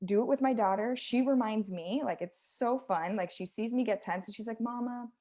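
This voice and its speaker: On a laid-back health podcast, a female co-host in the role of fitness coach talks with medium pitch and moderate speed. Her delivery is lively and forceful, with acted-out quotes, and her breaths are audible on the close studio microphone.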